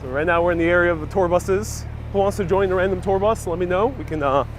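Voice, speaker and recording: A man's voice: high-pitched, fast talker, slight background noise. Upbeat man livestreaming on city streets. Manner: chatty, upbeat, laughs often. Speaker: travel livestream host. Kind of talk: casual walking livestream, reading chat.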